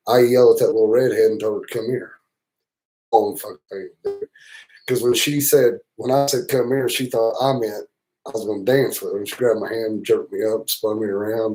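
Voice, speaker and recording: Low-voiced Southern man telling salty yarns. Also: a little mellow, poor audio. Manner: rambling, salty, profane, teasing yarn-spinner. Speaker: motorcycle travel channel host. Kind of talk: casual storytelling on a livestream.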